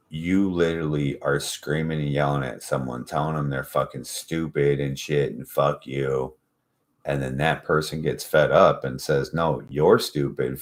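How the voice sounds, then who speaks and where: Man, very deep voice, rambling, profane, mocking, casual vlog rant. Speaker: channel host.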